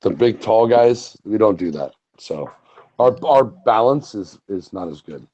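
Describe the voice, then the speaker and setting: A man telling stories in casual profane chat, animated and full of swearing. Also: fairly low pitch, unhurried. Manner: animated storyteller, swears a lot. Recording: muffled lo-fi audio.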